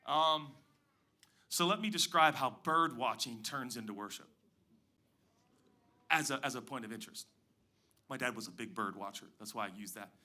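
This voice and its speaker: A man preaching a sermon as pastor, moving between loud emphatic lines and quiet hushed asides. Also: medium pitch, moderate pace, long pauses. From Pacific Northwest.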